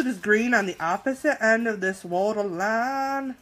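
A woman in her thirties chats through a casual live makeup tutorial, joking and quick to swear. Her voice is a little high and a bit bright.

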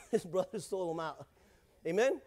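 High-pitched guy preaching in church, chatty and jokey, keeps asking for an amen. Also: lively intonation, unhurried, a little mellow. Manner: casual, joking, calls out to the congregation. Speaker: pastor. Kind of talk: sermon.

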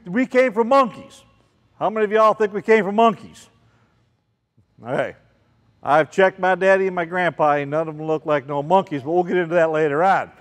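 A man, a children's ministry speaker giving an animated talk to a group of kids and calling out questions to them. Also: high-pitched. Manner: animated, calls out questions to the crowd. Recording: long reverb, large hall.

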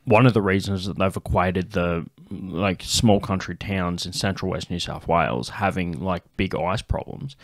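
Rambling Australian man with a low, dry voice. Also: moderate pace, few pauses, no echo. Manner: rambling, laughs often, slips into silly voices. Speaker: podcast host. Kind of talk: casual chat.

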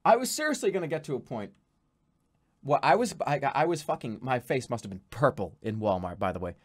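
A man streaming from his home gaming setup, ranting to chat in an exasperated, swearing, animated way. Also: mid-range voice, fairly quick, husky. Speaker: game streamer.

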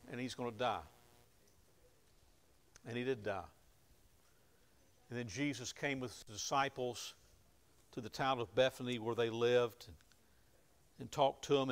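A pastor preaches a sermon in a clean, mid-range voice, retelling scripture in plain, conversational language and rising to loud emphasis at key moments.

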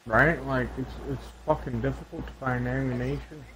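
A man's voice: medium pitch, steady tone, normal speed, a bit bright, a little hiss or hum. A man playing a video game and commentating, sarcastic and ranting, swearing often. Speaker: gaming channel host. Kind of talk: casual gaming commentary.

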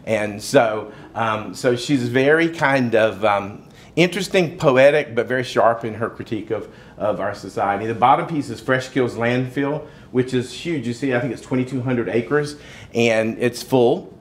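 A man's voice: medium pitch, moderate pace, slight background noise. A man with a Southern US accent giving a casual slide lecture at a museum, talking conversationally with wry asides and fillers. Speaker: museum talk speaker.

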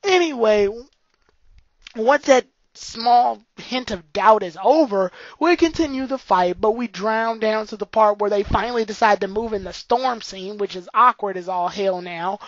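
A woman's voice: medium pitch, unhurried, no room sound, dull audio. A woman giving a casual, opinionated spoken review of an anime episode, blunt and occasionally profane.

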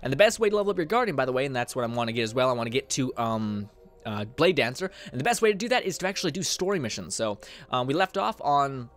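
Man from Canada, gaming host, casual rambling commentary, mid pitch. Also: sing-song, fast, faint music behind. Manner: rambling and chatty, lots of fillers and swearing. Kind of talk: casual let's-play commentary.

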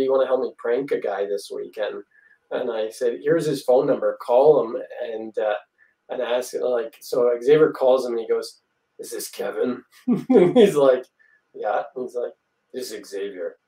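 Guest storyteller, male, mellow tone, recorded far off the mic in a roomy space. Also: medium pitch. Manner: rambling, laughs often, acts out quotes. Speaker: guest magician. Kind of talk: casual storytelling. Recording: echoey room, far from the mic.

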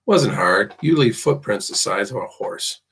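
A cruel young slaveholder from a storybook drawls his threats in a low, husky voice, mocking and possessive. He sounds calm and ominous rather than loud, as a man narrating the book voices him. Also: measured pace, exaggerated voice. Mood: menacing drawl.

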